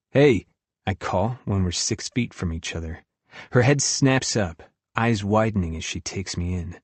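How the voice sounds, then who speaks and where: A man narrates an audiobook in the first person with an even, reflective delivery. His voice sits a little low. The recording is dry and close, with no room sound. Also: husky, no echo.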